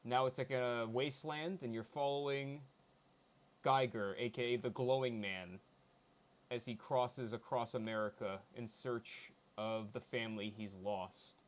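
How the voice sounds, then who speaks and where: A man's voice: mid-range voice, steady tone, unhurried. A man talking casually as a guest, explaining things to viewers. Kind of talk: casual chat.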